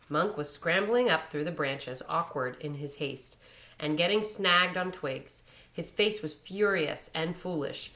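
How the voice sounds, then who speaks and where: A woman reading a short story aloud in a measured storytelling manner. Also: low voice, a bit bright. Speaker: reader.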